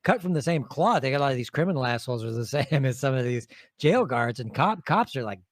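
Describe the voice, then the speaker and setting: A man's voice: medium pitch, lively intonation, quick pace, dry recording, clean studio sound. A male host speaking in a blunt, casual way and swearing freely. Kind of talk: casual interview chat.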